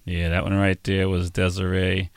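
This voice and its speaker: A man hosting a radio show in casual chat, talking in a halting way with frequent restarts. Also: sits low, completely flat delivery.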